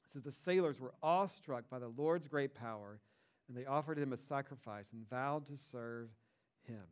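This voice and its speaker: A young man preaching in a casual, conversational way, retelling a Bible story and rising in pitch and volume when he stresses a point. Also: moderate pace. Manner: conversational and animated, rises in pitch and volume for emphasis. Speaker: pastor.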